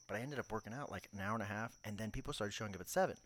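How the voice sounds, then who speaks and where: A man's voice: lowish voice, expressive, very fast, a bit bright. A man on a casual podcast telling a long story, acting out the quotes and swearing freely. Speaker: podcast co-host.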